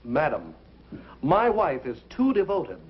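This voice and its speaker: A pompous stand-in judge. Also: male voice, a little high, wildly swooping pitch, slow, full character voice. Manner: pompous, formal. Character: husband's friend posing as a pompous judge. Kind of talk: 1950s sitcom acting. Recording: dull old TV soundtrack, loud audience laughter and noise.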